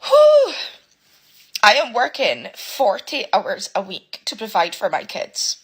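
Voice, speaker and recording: Emotional woman, lively husky voice. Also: medium pitch. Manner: emotional, swearing, halting restarts. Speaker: single parent venting about living costs. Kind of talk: emotional to-camera rant.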